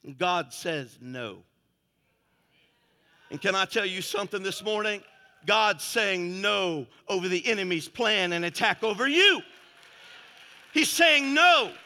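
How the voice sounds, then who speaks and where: A man preaching a fervent sermon, swinging between shouted exclamations and hushed, quiet passages. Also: high voice, unhurried, in a large hall. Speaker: pastor.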